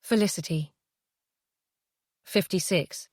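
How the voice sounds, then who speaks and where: A woman reading a suspense audiobook in a measured, dramatic way on a close studio mic. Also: lowish voice, a little mellow, no echo. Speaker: audiobook narrator. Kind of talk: scripted narration.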